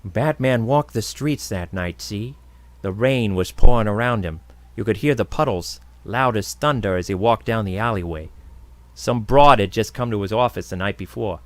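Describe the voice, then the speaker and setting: A man voicing a gruff 1940s hard-boiled noir narrator with an old-timey gangster drawl. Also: lowish voice, normal speed, no echo, voice pushed down, lightly acted. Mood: brooding.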